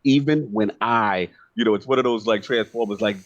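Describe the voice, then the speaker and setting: A man's voice: on the low side, brisk, dull audio. A man co-hosting a gaming podcast in loose, rambling casual chat. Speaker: podcast co-host.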